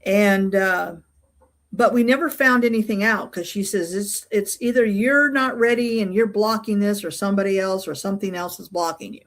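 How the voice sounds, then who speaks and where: A woman's voice: medium pitch, moderate pace. A middle-aged woman recounts a personal experience as an interview guest, in a mid-range voice. She rambles with plenty of ums and uhs, doubling back to restart her sentences. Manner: rambling, many fillers and restarts. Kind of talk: casual storytelling interview.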